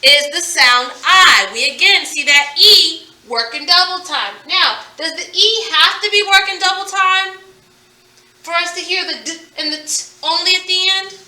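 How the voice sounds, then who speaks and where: A woman's voice: very high voice, a little slow, bright, forceful tone. A woman teaching a phonics lesson, playfully stretching and stressing the sounds in each word. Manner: playful, over-enunciating target sounds. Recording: echoey room, distant from the mic.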